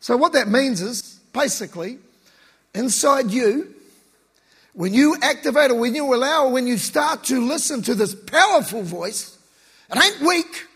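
A man preaching a sermon in a relaxed, slangy, conversational way. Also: extremely high pitch, a little slow, slightly rough. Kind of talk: casual sermon. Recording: long reverb of a large hall.

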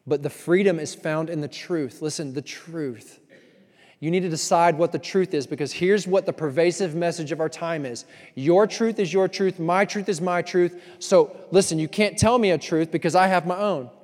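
A fairly high-voiced man preaching with passion, pressing his points through repetition and then dropping to a hushed, confiding tone. His voice rings out in a hall with a long, trailing reverb. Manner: impassioned, swinging between loud emphasis and hushed intimacy; repeats phrases for emphasis. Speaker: pastor. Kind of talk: sermon.

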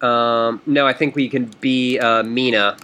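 A man's voice: medium pitch, fairly even intonation, unhurried, sharp tone, clean tone. A man chatting casually through a game playthrough, guiding his partner and swearing now and then. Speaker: gamer.

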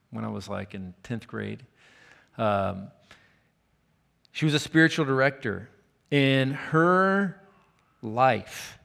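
A man preaching a sermon, telling a personal story with earnest warmth and dropping to a near whisper for quoted lines. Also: mid-range voice, gravelly. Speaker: pastor. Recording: long hall reverb.

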